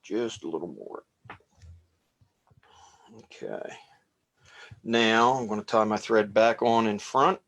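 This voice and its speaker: A man casually talking through a fly tying demonstration as he works, relaxed and rambling. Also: lowish voice, slow, vocal fry, pauses often. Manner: relaxed, rambling, talks while working.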